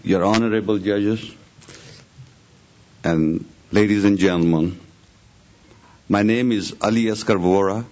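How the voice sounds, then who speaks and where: A man from Pakistan with a lowish voice addresses the room formally as a new citizen. He tells a short family story. The recording is dull and lo-fi. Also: steady tone, a little slow, long pauses, darkish tone. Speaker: new citizen giving a speech. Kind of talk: short ceremony speech.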